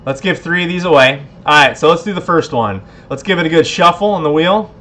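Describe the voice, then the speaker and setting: A man's voice: a little high, lively intonation, a little fast, sharp tone. A man hosting a casual livestream giveaway, laid-back, a bit tipsy and laughing often. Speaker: livestream host.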